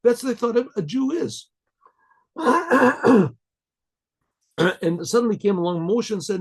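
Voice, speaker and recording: A rabbi teaching a Torah class in a loose, halting way, repeating words and often clearing his throat. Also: very high-pitched. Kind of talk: informal Torah lecture.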